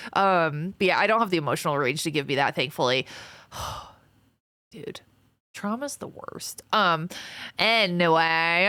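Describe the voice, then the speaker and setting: A young woman streamer chatting casually with her viewers, thanking supporters and answering chat with animated exclamations. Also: fairly low pitch, brisk, no echo.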